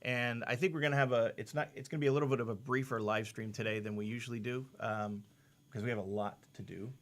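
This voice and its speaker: A man's voice: mid-range voice, steady tone, fast talker, fairly bright tone. A man co-hosting a casual livestream, greeting viewers by name and joking as he reads their comments aloud in a studio. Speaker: livestream co-host.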